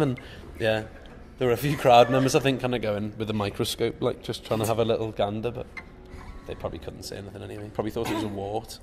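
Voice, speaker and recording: A man's voice: fairly low pitch, level tone, quick pace, creaky, in a large hall, music in the background. A young English man, a band's drummer, telling jokey rambling stories in a casual interview. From England. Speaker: band drummer. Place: backstage at a music venue.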